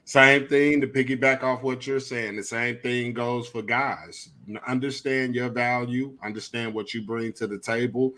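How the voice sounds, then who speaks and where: A young man hosting a podcast in relaxed, joking conversation with plenty of slang. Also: mid-range voice, normal speed, hardly any pauses. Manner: laid-back, joking, Southern Black American slang. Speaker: podcast host. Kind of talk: casual chat.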